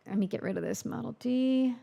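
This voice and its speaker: Woman producer, casual stream talk, gravelly and dark in tone. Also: a little high, fairly quick, lo-fi sound. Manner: chatty, thinks aloud, reads viewer comments. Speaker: music producer livestreaming. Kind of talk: casual livestream chat while producing. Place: home music studio.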